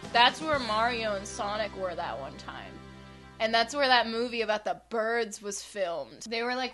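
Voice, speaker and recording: Bright, sarcastic young woman gamer. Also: on the high side, lively intonation, normal speed, soft background music. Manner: chatty, sarcastic, lots of "like". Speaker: gaming YouTuber. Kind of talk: casual gameplay commentary.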